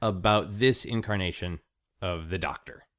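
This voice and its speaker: A man hosting a podcast interview, speaking in a careful, measured way and drawing out his questions. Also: low voice, a bit bright. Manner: measured, careful, drawn-out phrasing. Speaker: podcast host.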